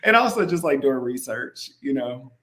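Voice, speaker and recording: A lively guest chatting in a casual interview, laughing often and peppering the talk with fillers. The voice sits at an everyday mid pitch. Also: male voice, normal speed. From not from New Orleans. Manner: animated, laughing, lots of "like" fillers. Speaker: actor guest.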